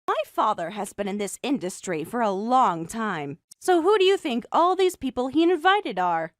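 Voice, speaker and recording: A woman's voice: a little high, sing-song, no echo, studio quality. Woman as a cool, cutting young woman. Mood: cold mocking. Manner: cool, mocking, measured. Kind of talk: animated story voice acting and first-person narration.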